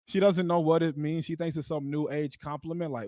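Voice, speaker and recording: A man's voice: on the high side, fairly even intonation, a little fast, dark tone, dry recording. A man performing a live stand-up comedy set into a stage mic, rambling with lots of "like" and laughing at his own jokes. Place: live comedy show venue.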